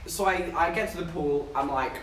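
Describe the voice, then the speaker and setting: A man's voice: a little high, moderate pace, recorded from a distance, slight background noise. Chatty young man from southern England. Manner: chatty, giggly storytelling, talks to chat. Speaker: streamer. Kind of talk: casual livestream chat. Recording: echoey room, voice a bit off-mic.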